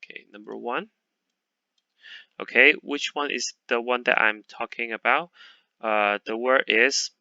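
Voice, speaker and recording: A male language teacher talks slowly and patiently, repeating each sound for his learners. His voice is bright and clean. The recording is dry and a little dull. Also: medium pitch, no echo. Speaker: Chinese teacher. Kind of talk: online language lesson.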